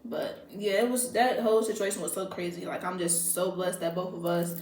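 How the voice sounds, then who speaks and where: A young woman vlogger telling a story in casual chat, animated and laughing, talking straight to her viewers. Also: fairly low pitch, brisk. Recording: echoey room with faint background noise.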